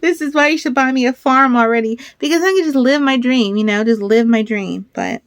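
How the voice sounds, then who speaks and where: Excitable rambling woman, dry close sound. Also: sits high, brisk, no room sound. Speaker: crafter vlogger. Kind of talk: casual rambling chat.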